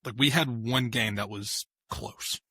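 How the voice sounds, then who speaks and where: A man co-hosting a sports talk show, loose and joking, with a bright, forceful voice. The sound is close and dry, with no room echo. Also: medium pitch, unhurried, breathy edge. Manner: joking, tries silly voice impressions. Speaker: podcast co-host. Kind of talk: casual sports chat.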